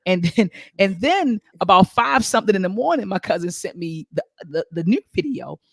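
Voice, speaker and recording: Animated woman talk-show host, dry sound. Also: mid-range voice, moderate pace, vocal fry, husky, dry recording. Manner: animated storyteller, repeats words for emphasis. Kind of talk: casual talk-show discussion.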